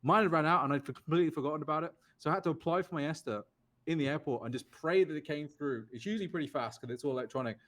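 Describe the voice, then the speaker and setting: A young British man, a poker player and podcast guest, telling casual stories and quoting others in raised, lively voices. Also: fairly high pitch, very fast. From United Kingdom. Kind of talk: casual storytelling.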